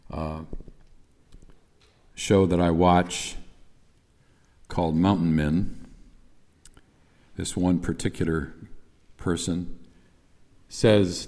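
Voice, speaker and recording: A man's voice: low voice, a little mellow, in a large hall. A man preaching a sermon in a conversational way, at times reciting lines with emphasis. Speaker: pastor.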